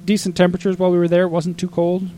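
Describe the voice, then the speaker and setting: Chatty man with a higher voice. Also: very fast, a little hiss or hum. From Arizona. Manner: animated, exasperated storytelling with acted-out quotes. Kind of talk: casual storytelling chat.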